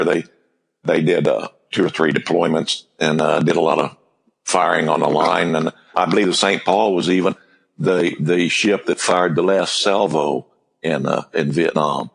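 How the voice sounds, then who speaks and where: An older man in his seventies with a very deep voice and a gravelly, husky grain. He answers plainly and without hurry, recalling things. His voice carries a long echo from the room. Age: 70s. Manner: plainspoken, unhurried recollection. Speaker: guest, navy veteran. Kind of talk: casual interview answers.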